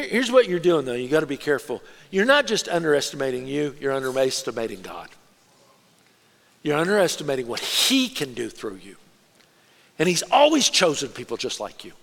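A man preaching a sermon as a pastor, conversational and animated, acting out quoted asides. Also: high voice, gravelly. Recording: long hall reverb.

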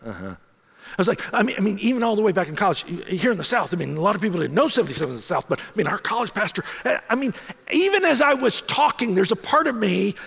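A middle-aged male pastor preaches with a high, wide-ranging voice and a gravelly edge. He tells stories in an animated, self-mocking way, and his words ring out with a long reverb through a church hall. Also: fast. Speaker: senior pastor. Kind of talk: sermon.

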